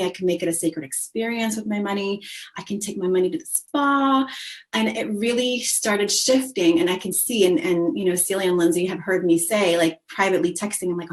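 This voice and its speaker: A chatty woman in her thirties tells a personal story in a relaxed panel conversation. She laughs often and acts out what people said along the way. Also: mid-range voice. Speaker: business co-founder.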